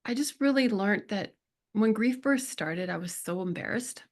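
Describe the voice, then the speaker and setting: A middle-aged woman speaking as a podcast guest, telling personal stories in an earnest, emotional way with slow reflective pauses. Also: mid-range voice. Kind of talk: conversational interview.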